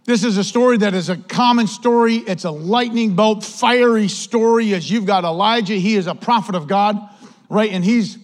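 Pastor guy preaching, high voice, lots of hall echo, gets really into the story. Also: normal speed. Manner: animated storytelling, acts out quotes. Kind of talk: sermon.

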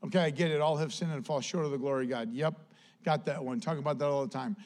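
A man preaching a sermon as pastor, emphatic and repetitive, swinging between loud declarations and hushed, earnest passages. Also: on the high side, fairly even intonation, quick pace. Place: church.

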